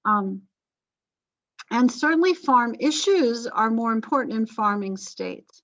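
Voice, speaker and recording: A woman's voice: on the high side, lively intonation, unhurried, fairly bright tone, dry recording. A middle-aged woman teaching a history class, chatty and rambling with self-deprecating asides. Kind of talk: recorded class lecture. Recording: dry, slightly dull lecture recording.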